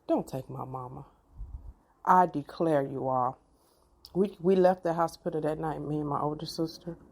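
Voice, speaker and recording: A middle-aged woman, telling a personal story to her viewers in an animated, expressive way. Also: low-pitched. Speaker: vlogger.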